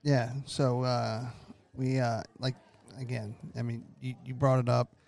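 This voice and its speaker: A man co-hosting a podcast, talking in a relaxed, rambling way. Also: mid-range voice, unhurried, creaky. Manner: relaxed, rambling, calls people brother. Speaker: podcast co-host. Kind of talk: casual chat.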